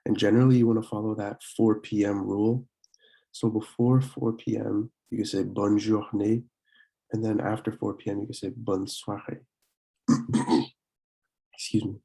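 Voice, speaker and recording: A young man teaching a French lesson from slides, slowly repeating words and often clearing his throat to correct himself. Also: on the low side, little pitch movement, warm tone, low-quality recording. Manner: slow, repeated pronunciation drills. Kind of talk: slide-based language lesson.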